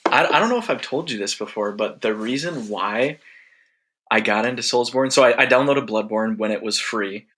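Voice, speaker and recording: A man talking as a guest on a podcast in a relaxed, rambling way. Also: medium pitch, normal speed. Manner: relaxed, rambling, restarts his sentences. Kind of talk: casual chat.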